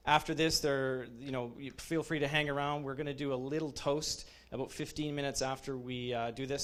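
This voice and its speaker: A man in his thirties, head of the program, gives an informal graduation speech in a mid-range voice. He halts often with fillers and restarts and is openly emotional toward his students.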